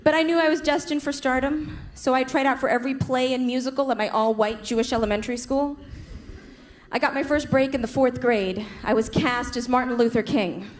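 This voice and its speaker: A young woman performing a stand-up comedy set on a club stage, punchy and quick. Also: sits high, fairly even intonation. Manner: punchy, quick impressions of her parents. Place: comedy club stage before a laughing crowd. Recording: noisy live club recording.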